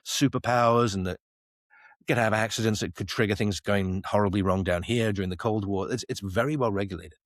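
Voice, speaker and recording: A man's voice: fairly low pitch, brisk, dry recording, clean studio sound. A middle-aged man from the Isle of Man, telling stories animatedly in a podcast interview and acting out the people he quotes. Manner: animated storyteller, acts out quoted dialogue. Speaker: guest, space company CEO.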